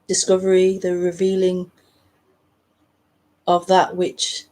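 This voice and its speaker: Slow, reflective woman teacher. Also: lowish voice, monotone. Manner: slow, reflective, with pauses and soft laughs. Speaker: nondual spiritual teacher. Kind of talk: live spiritual talk.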